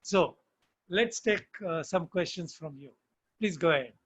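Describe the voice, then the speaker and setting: A man's voice: on the high side, unhurried, a bit bright, low-quality recording. A man, telling stories in an online lecture and often asking "huh?" of his listeners. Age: 60s. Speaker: management professor.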